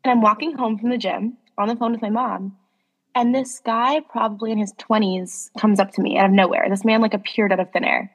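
In a laid-back New York podcast, a twenty-something co-host chats and giggles through stories, full of laughter and "like." Her medium-pitched voice stays steady and fairly quick, and the audio is dull with a long reverb tail.

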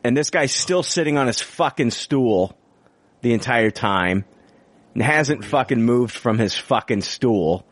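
A man's voice: medium pitch, expressive, a little slow, no room sound. A man co-hosting a podcast, ranting with heavy swearing and mocking voices in casual chat. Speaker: podcast co-host.

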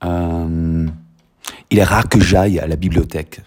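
A man's voice: deep voice, fairly even intonation, moderate pace, darkish tone. A man who teaches French, explaining his methods in a chatty, enthusiastic way and reading French example sentences aloud. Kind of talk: casual explanation to camera.

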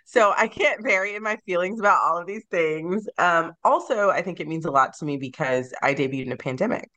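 A woman's voice: lowish voice, a little fast, sharp tone. A woman author being interviewed on a podcast, speaking in a reflective, sentimental way and laughing easily. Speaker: guest author.

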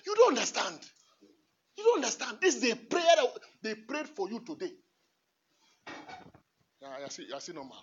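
A man preaching a homily as a priest in church. He repeats phrases emphatically and swings from hushed asides to shouts, laughing often. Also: very high-pitched, wildly swooping pitch, moderate pace, long pauses, a little hiss or hum. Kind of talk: impassioned homily. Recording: dull lo-fi recording.

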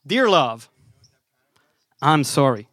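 A man's voice: mid-range voice, sing-song, drawn-out words, a bit bright, no echo, studio quality. A man with a French Canadian accent performing spoken word poetry on a live stage, with a wry, apologetic, rhythmic delivery.

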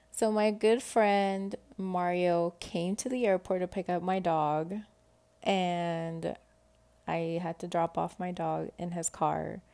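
A woman's voice: fairly low pitch, steady tone, takes it slowly, mellow. A young woman telling a personal story in a chatty, rambling way, full of "like" and "you know". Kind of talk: casual storytelling.

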